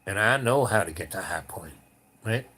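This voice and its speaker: An older man voicing a tough woman who leads a biker gang, with a gravelly, commanding tone, quoted in his own storytelling. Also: deep voice, lively intonation, normal speed, pushed and bright, voice pushed down, exaggerated voice. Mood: low, commanding.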